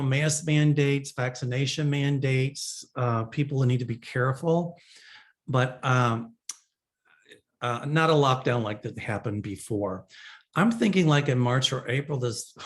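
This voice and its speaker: A man hosting a psychic show, answering viewer questions in a rambling, casual monologue full of fillers. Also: medium pitch.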